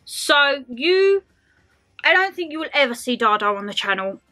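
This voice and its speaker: A woman's voice: high-pitched, sing-song, moderate pace, bright, forceful tone. A woman in her twenties doing a casual, rambling Q&A vlog to camera, calling her viewers her lovelies. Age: 20s. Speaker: lifestyle vlogger.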